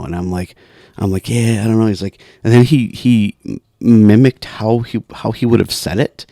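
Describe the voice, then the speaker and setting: A man's voice: lowish voice, fairly even intonation, moderate pace, warm tone, dry recording, studio quality. A man co-hosting a podcast, telling a long story in a rambling way with lots of restarts and laughs. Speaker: podcast co-host. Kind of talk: casual storytelling chat.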